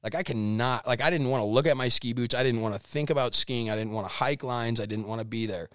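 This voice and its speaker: Animated, foul-mouthed male storyteller, dry sound. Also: mid-range voice, fast, no room sound. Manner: animated, swears constantly, acts out quotes. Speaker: podcast guest. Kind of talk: casual storytelling interview.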